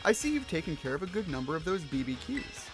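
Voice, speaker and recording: A cheerful male professor in a video game checks in by phone, read aloud by a man. The voice sits a little high and soft, friendly and encouraging. Faint music plays behind. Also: sing-song, fast. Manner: reading game dialogue aloud, a bit higher and softer.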